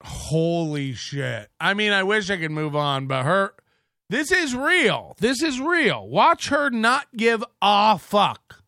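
Man, host, sarcastic clip commentary, crude, slow deliberate delivery, bright tone. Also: high voice, sing-song, no echo, clean studio sound. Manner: sarcastic, crude, quotes people in mimicking voices. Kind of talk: mocking commentary on stream clips.

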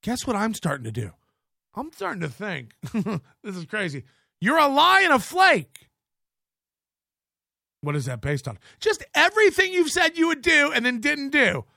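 A man's voice: extremely high pitch, sing-song, normal speed, creaky, pauses often, pushed and bright, no echo, studio quality. A man hosting a livestream, ranting angrily with mocking, profane jabs. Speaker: livestream host.

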